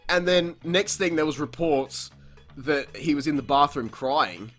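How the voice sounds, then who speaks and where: A man's voice: medium pitch, expressive, moderate pace, soft background music. Swearing young man telling a story. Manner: profane, laughs often, acts out quotes loudly. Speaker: podcast host. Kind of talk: casual storytelling chat.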